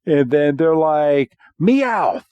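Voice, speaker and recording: A man co-hosting a podcast and recapping a cartoon episode, telling it with animated storytelling and plenty of voiced quotes. He speaks very slowly, a bit high, in a dry, close sound. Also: no room sound, dull audio. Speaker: podcast co-host.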